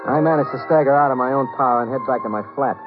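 A man's voice: medium pitch, racing, natural voice. A man playing a cocky, flippant young private detective who narrates his own story in a 1950s radio drama. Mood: wry. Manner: flip, wisecracking. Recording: muffled old 1950s radio broadcast with music.

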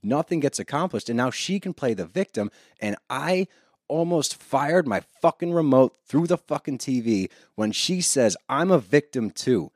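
A man ranting with heated, profane energy as he co-hosts a casual recap podcast. His pitch swings widely and he talks into a close mic in a dry, dead room. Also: lively intonation, moderate pace, darkish tone, no room sound. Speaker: podcast co-host.

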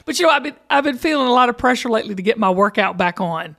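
A woman's voice: on the high side, lively intonation, rapid-fire, gravelly, a bit bright. A woman hosting a podcast, chatty and playful, teasing her co-host and guests. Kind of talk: casual chat.

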